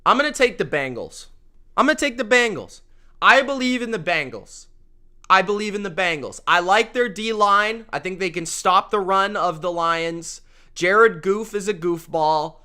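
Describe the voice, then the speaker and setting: Excitable high-voiced man making sports picks. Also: clean tone. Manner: excitable, repeats himself for emphasis. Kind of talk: casual sports prediction talk.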